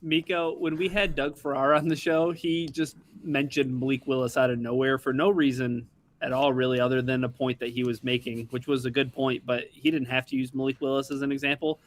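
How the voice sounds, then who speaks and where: A man's voice: medium pitch, level tone, brisk. A man co-hosting a sports podcast in casual banter, teasing and laughing often. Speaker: podcast co-host.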